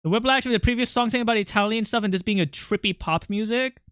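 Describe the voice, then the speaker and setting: A streamer talks loosely over a drawing session in a smooth, clean voice at a middling pitch. The sound is close and dry, with no room around it. The delivery is jokey and quick to say sorry, and the speaker often pokes fun at their own art. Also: a bit bright, no room sound. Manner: joking, quick to apologize; self-deprecating. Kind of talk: casual livestream chat while drawing.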